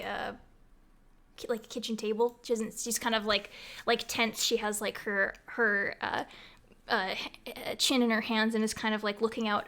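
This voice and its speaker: A woman's voice: medium pitch, a bit bright. A woman narrating a tabletop role-playing game as game master, in a casual way full of "like" and "um". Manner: casual, many fillers like "like" and "um".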